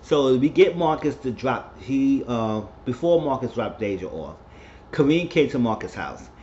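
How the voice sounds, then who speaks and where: Casual male recap vlogger, mid-pitched, talks loosely with fillers, dull audio and faint hum. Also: sing-song, a little slow, a little mellow. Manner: chatty retelling with filler words.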